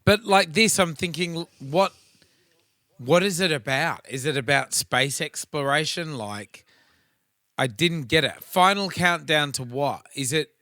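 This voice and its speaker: A man's voice: on the high side, unhurried, bright, forceful tone, no echo, clean studio sound. An Australian man co-hosting a podcast, musing in a rambling, casual way full of fillers. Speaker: podcast co-host. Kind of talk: casual chat.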